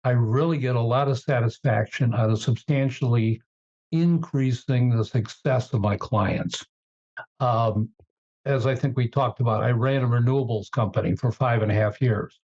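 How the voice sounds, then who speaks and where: Male executive guest, measured and hesitant with ums, mid-pitched, slightly muffled lo-fi recording. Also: darkish tone. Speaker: guest, turnaround CEO. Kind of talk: interview storytelling.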